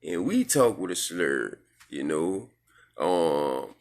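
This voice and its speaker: A man's voice: sits low, very animated, takes it slowly. A man with a New Orleans accent giving blunt, sarcastic commentary as he reacts to a clip. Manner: sarcastic, blunt, repetitive, slangy.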